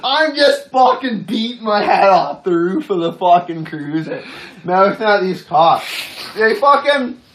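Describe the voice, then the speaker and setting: Animated profane man storytelling. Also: high-pitched, unhurried. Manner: animated, swears constantly, laughs through his story.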